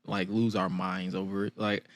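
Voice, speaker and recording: A man's voice: deep voice, flat delivery, moderate pace, dry recording. A man around thirty hosting a podcast, chatting casually with slang and frequent laughter. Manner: rambling, laughs often, slangy. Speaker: podcast host. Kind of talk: casual chat.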